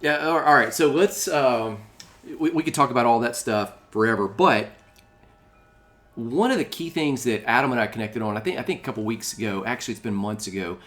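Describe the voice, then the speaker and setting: A man's voice: medium pitch, fairly quick, a bit bright. A man hosting a podcast in casual chat, rambling and restarting his sentences, often laughing along with his guest. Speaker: podcast host.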